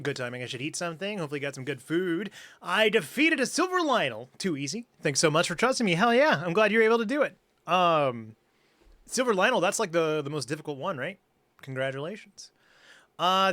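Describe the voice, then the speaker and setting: A woman live-streaming a video game, chatting casually with viewers, swearing and laughing often. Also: fairly low pitch. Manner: excitable, laughs often, swears, reads chat aloud.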